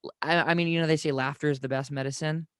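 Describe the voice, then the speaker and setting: A man hosting a casual podcast, talking excitedly, stumbling over restarts and swearing freely. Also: fairly high pitch, fast talker, clear, resonant tone, no room sound, studio quality. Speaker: podcast host.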